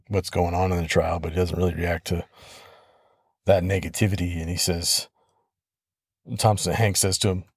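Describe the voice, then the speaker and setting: Low-voiced man hosting a relaxed podcast. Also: no echo, clean studio sound. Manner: relaxed and conversational, with soft laughs and restarts. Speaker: podcast host. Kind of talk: casual solo podcast storytelling.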